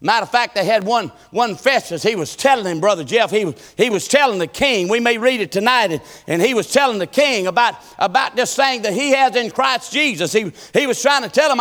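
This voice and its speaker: A man, preaching a sermon in church, swinging between shouted appeals and low, folksy asides. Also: lively intonation, a little fast, few pauses. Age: 50s. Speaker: pastor.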